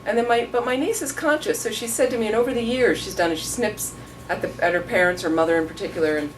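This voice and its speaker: A woman's voice: fairly high pitch, quick pace. Storytelling woman teacher, distant and noisy. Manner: rambling, storytelling, acts out quotes. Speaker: Buddhist teacher answering questions. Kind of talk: casual dharma talk. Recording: distant mic, noisy room.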